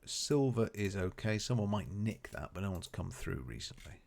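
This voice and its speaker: A man's voice: fairly low pitch, expressive, moderate pace, a little mellow, a little hiss or hum. A man streaming a colony game, rambling casually and chatting to his characters and viewers. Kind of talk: casual live gameplay commentary.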